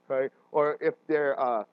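A man preaching a sermon as a pastor, animated and often checking in with his listeners, with frequent restarts and fillers. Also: on the high side, slow pace, creaky, clean tone, no echo, dull audio.

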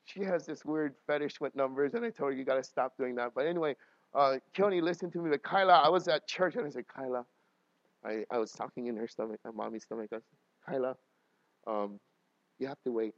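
A man in his thirties, a pastor telling personal stories in a sermon, emotional, swinging from quiet talk to loud laughing bursts. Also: mid-range voice, quick pace, dry recording, dull audio.

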